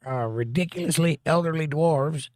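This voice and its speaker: A man's voice: a little high, moderate pace, darkish tone, no room sound, clean studio sound. A man hosting a casual livestream, joking around and reading viewers' chat messages aloud. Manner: jokey, reads chat aloud. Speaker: host.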